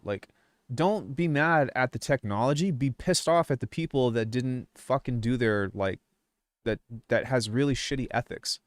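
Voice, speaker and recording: A man's voice: mid-range voice, moderate pace, dry recording. Young male streamer, profane rambling rant, mid voice, dry mic. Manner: swears a lot, rambling, fired up. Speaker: music producer YouTuber. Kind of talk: casual livestream rant.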